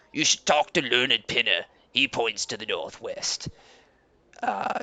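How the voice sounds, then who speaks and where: A man voicing a proud, guarded male leader of a servile tribe in a fantasy game, speaking in a formal, measured way. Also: lowish voice, gravelly, sharp tone, voice pushed down, full character voice. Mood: dismissive.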